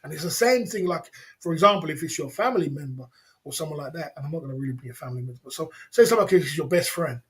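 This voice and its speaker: A man hosts a casual livestream, chuckling through loose, slangy banter aimed at his viewers. His voice sits a little higher than most men's, and he circles back over the same phrases again and again. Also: expressive, racing. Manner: laughing, repetitive, slangy banter. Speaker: livestream host.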